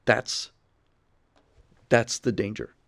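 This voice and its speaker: A man's voice: fairly low pitch, very slow, vocal fry, a bit bright. A middle-aged man hosting a livestream in casual chat; he rambles and repeats words while reading viewer messages. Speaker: livestream host.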